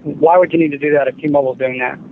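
A man's voice: fairly high pitch, fairly even intonation, quick pace. A man on a phone call, complaining and growing exasperated, often stammering. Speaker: prank call target. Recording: tinny phone line with faint hiss.

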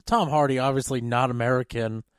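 A man co-hosting a podcast, making wry, relaxed remarks in a casual movie review. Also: mid-range voice, a little fast, smooth, no room sound, clean studio sound. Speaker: podcast co-host.

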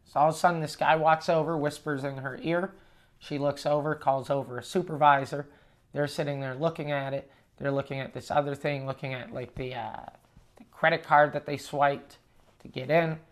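A man hosts his own podcast, spinning a story from the road in a casual, swearing style. He quotes the people he talked to as he goes, shifting between plain narration and animated bits of dialogue. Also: on the high side, moderate pace. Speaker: touring comedian and podcast host.

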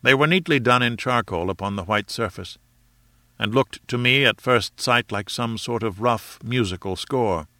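A man reads an adventure novel aloud at a measured storytelling pace. His voice is bright and crisp. The recording is close and dry. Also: medium pitch, no room sound. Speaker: audiobook reader. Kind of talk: scripted narration.

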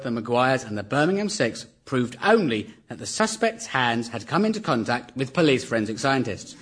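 A man's voice: fairly high pitch, husky. A man, a comedian, giving a satirical mock lecture in a dry, ironic, mock-formal manner. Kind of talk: satirical stand-up lecture before a live audience.

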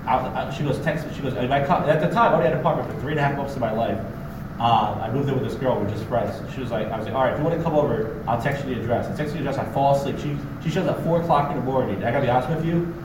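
A man's voice: mid-range voice, racing. A man in casual podcast chat, rambling and blunt as he tells a crude story, recorded from far off in an echoey, noisy room. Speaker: podcast guest.

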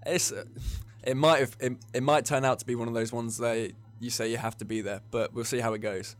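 A man's voice: medium pitch, steady tone, a little fast, faint music behind. A young English man co-hosting a podcast, telling rambling drinking stories in casual chat and laughing often. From England. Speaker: podcast co-host.

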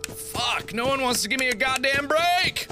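A man giving let's-play commentary in loud, profane outbursts and frustrated shouting. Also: very high-pitched, animated, moderate pace. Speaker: gamer. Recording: clear game music under the voice. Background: game music.

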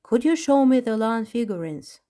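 A woman's voice: on the high side, lively intonation, moderate pace, mellow, natural voice. A woman voicing a peacock sleuth, earnest and inquiring. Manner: earnest, questioning. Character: earnest male peacock detective.

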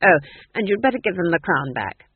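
A stern old witch voiced by a woman lays down the rules in a firm, brisk, commanding tone. Her lively voice leaps about, and it comes through a thin, phone-like line with no room around it. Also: fairly low pitch, breathy edge, dry recording. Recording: tinny phone-like dry sound.

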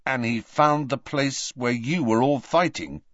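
A man's voice: mid-range voice, measured pace, fairly bright tone, dry recording, highs cut off, pitched above the performer's own voice, natural voice. A man voicing a teenage boy who speaks savagely and bitterly.

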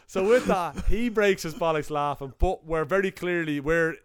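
A young Dublin man with an Irish accent, co-hosting a podcast and telling a profane, animated anecdote in casual chat. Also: on the high side, moderate pace, smooth, no echo, clean studio sound. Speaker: podcast co-host.

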